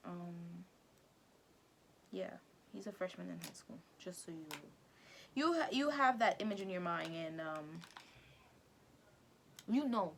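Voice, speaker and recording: A woman vlogger retelling a story in casual chat while doing her makeup, talking in an animated, chatty way and acting out characters' lines. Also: mid-range voice, measured pace, pauses often, slight background noise. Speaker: vlogger recapping an anime.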